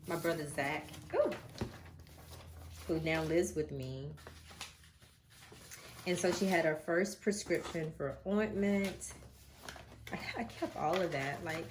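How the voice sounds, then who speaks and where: A woman's voice: sits low, background noise. A middle-aged woman vlogger telling a candid, emotional personal story to the camera, rambling with many fillers and showing keepsakes as she talks. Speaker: vlogger and mother.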